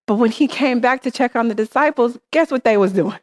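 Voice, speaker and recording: A woman's voice: sits high, lively intonation, fairly quick, hardly any pauses. A woman preaching in church, talking in an earnest, conversational way and often checking in with her listeners. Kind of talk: sermon.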